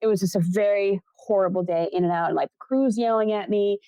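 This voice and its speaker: A young woman from Buffalo, New York, who works as a film assistant director, tells a story in a casual interview. She is animated, acts out the people in her story and often laughs. Her voice sits at a middle pitch and is recorded close and dry. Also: brisk, smooth, no echo.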